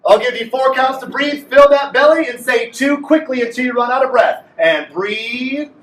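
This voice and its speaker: A man with a very high voice leads a group clarinet lesson in a playful, coaching way. He is recorded from a distance in an echoey room with a little background noise. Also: moderate pace. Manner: playful, coaching a class aloud. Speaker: music teacher.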